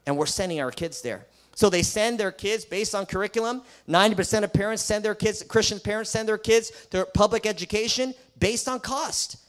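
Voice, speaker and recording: A man's voice: sits high, brisk, hardly any pauses. A man who is a Christian school principal, preaching an emphatic sermon full of rhetorical questions and sarcastic asides.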